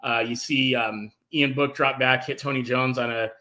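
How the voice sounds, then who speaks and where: A man hosting a casual sports talk show, enthusiastic and animated, reading out viewer comments. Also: mid-range voice, moderate pace. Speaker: podcast host.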